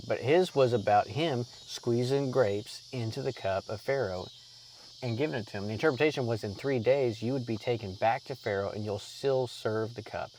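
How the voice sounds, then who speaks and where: A young man hosting a casual Bible teaching from inside a parked car, telling the story in an animated way with lively asides, while crickets chirp outside. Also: mid-range voice, a little hiss or hum. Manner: animated storyteller acting out quoted lines. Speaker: ministry host.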